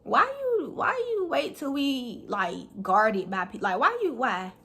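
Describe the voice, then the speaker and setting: A young woman telling a story in a vlog, animated and profane, talking fast. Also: a little high, a little hiss or hum. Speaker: vlogger.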